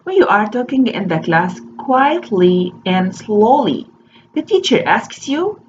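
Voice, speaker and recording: A woman teaching a slow phonics lesson to young children. She spells each word out letter by letter and repeats it. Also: mid-range voice, very animated, darkish tone. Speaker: primary school teacher. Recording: dull lo-fi recording with faint noise.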